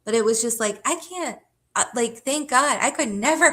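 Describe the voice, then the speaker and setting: A woman's slightly high voice is expressive, bright and forceful, at a moderate pace. As a livestream host, she tells her chat a rambling personal story in casual, profane talk, filled with fillers and frequent laughs.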